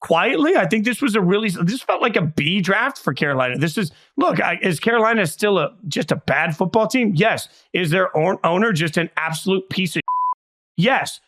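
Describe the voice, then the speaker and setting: A man's voice: sits high, moderate pace, fairly bright tone. A man co-hosting a casual sports podcast, giving blunt, emphatic opinions and asking himself rhetorical questions. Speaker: podcast co-host.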